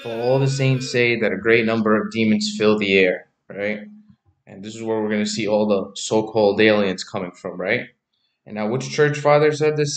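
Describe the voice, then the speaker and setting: A religious YouTuber with a lowish voice offers casual, chatty preaching commentary on his channel, recorded with a roomy sound. He often repeats himself and asks "right?" and "okay?"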